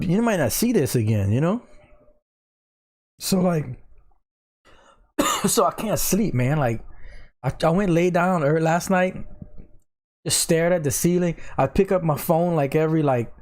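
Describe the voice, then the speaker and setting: A man's voice: a little high, darkish tone. A man, hosting a casual crypto live stream, tired from lack of sleep, rambling and laughing. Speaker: crypto livestream host.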